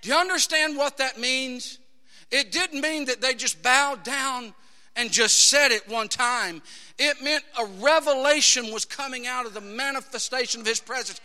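High, bright-voiced preaching man. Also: moderate pace. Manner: emphatic, rising to shouts, quotes scripture in acted voices. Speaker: pastor. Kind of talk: sermon. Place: church sanctuary. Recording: long hall reverb.

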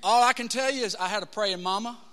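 A middle-aged man preaching a sermon, telling his story with passion and swinging from hushed to shouting. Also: high voice, quick pace. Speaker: pastor. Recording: hall reverb.

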